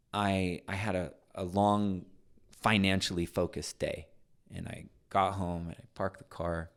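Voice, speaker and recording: Here a middle-aged man with a low, creaky voice tells stories as a podcast guest. His conversational anecdotes are lively, full of acted-out voices, and his sentences often restart or trail off.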